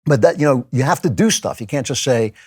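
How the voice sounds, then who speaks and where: A middle-aged man hosts a show in a relaxed monologue, pressing his points with emphasis and acting out the voices of people he disagrees with. His voice sits at an ordinary middle pitch. The sound is dry and close, with no room around it. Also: fast, husky, no room sound. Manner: conversational, emphatic, animated quoting of others. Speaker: podcast host. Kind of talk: casual monologue on faith.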